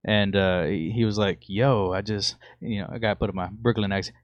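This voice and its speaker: A young man co-hosting a podcast, telling stories in a relaxed, casual chat and laughing easily. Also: fairly low pitch, brisk, hardly any pauses, no echo. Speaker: podcast co-host.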